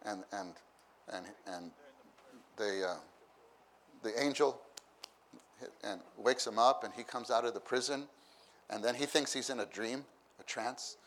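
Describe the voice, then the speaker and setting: A man with a medium, fairly bright voice preaches unhurriedly at a church meeting, taking long pauses against slight background noise. Conversational in tone, he repeats phrases and brings his story characters to life in their own voices, laughing in bursts.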